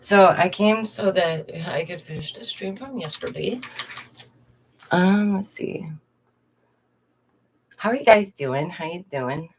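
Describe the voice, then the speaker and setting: A woman's voice: lowish voice, animated, slow pace, long pauses, a little hiss or hum. A young woman, a streamer and art teacher, chatting casually to her viewers, laughing often and greeting them directly. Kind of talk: casual livestream chat. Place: indoors at home.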